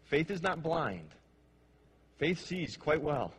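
A male pastor preaching a sermon with passion, dropping to hushed, slow phrases and then rising to emphatic ones. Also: on the high side, sing-song, a little hiss or hum. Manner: impassioned, swings between hushed and emphatic.

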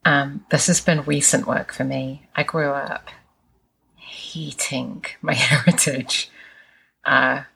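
A woman with a low, deep-set voice talks openly and casually, laughing between thoughts and swearing freely. Her tone carries a gravelly edge and a husky, breathy texture. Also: fairly even intonation, slow pace, fairly bright tone. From England. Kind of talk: candid casual chat.

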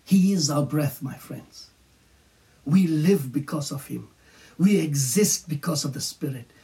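A man preaching a sermon as pastor, slow and emphatic, dropping into whispers on key phrases. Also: on the high side, warm tone, recorded from a distance.

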